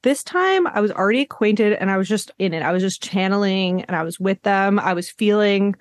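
A woman's voice: mid-range voice, a little fast, dry recording. Young female podcast host, loose and chatty, dry close-mic sound, mid-range voice. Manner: chatty, self-deprecating, frequent "um" and "like". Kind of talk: casual chat. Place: her living room at home.

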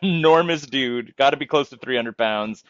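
A man's voice: medium pitch, moderate pace, fairly bright tone, dry recording, lo-fi sound. A man co-hosting a podcast, chatting casually and rambling with lots of fillers and restarts. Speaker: podcast co-host. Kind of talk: casual chat about wrestling.

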